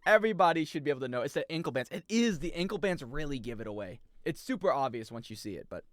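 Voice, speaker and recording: A man's voice: on the high side, lively intonation, fast, no echo, studio quality. A young man, chatting casually on a gaming stream, joking, swearing freely and rambling. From United States.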